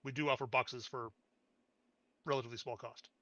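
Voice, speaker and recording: A man voicing a tired woman cashier at a shipping office, answering in a flat, businesslike way. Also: mid-range voice, a little fast, no echo, muffled recording, close to an everyday voice. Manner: flat, businesslike, matter-of-fact.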